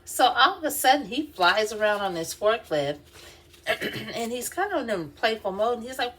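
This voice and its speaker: With a fairly high, bright voice full of big pitch swings, a woman vlogger tells a work story at a moderate pace over slight background noise. She's doing her hair while she chats casually, with plenty of fillers and laughter.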